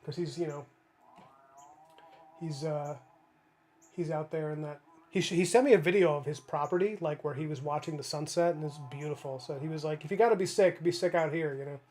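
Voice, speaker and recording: A man's voice: fairly high pitch, steady tone, a little fast, long pauses, darkish tone. Rambling male artist chatting while painting. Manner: rambling, thinking aloud, many restarts and fillers; reads and answers viewer chat. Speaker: livestreaming comic artist. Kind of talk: casual livestream chat while painting.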